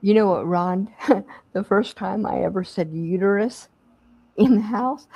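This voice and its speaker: A woman's voice: medium pitch, unhurried, creaky, warm tone, husky, dry recording, poor audio. A middle-aged woman hosting a bingo stream, chatting casually and laughing as she calls out winners. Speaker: stream host. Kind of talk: casual chat.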